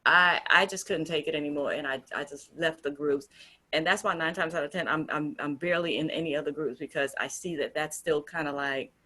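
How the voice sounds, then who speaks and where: A woman's voice: sits low, fairly even intonation, fairly quick, sharp tone. A woman co-hosting a casual discussion, talking in an earnest, emphatic way with frequent restarts. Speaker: group founder and co-host.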